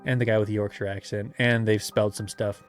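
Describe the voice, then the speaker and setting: A man's voice: fairly low pitch, flat delivery, fast, faint music behind. A man reading a gamebook aloud as game master, with playful asides and laughter.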